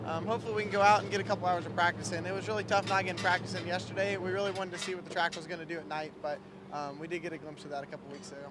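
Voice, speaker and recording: Super quick talking driver, high voice, kinda hesitant with ums, garage noise. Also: male voice. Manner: relaxed, hesitant, many "um"s. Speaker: race driver. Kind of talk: casual interview answers. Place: outdoor race garage. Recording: noisy garage ambience.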